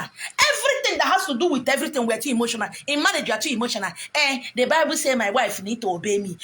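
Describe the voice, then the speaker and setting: A middle-aged woman with a Nigerian accent gives her viewers a blunt telling-off. She drops into pidgin now and then. Her voice sits slightly high, and her tone stays scolding and direct. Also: a bit bright, husky. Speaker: vlogger. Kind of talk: talking to camera, advice rant.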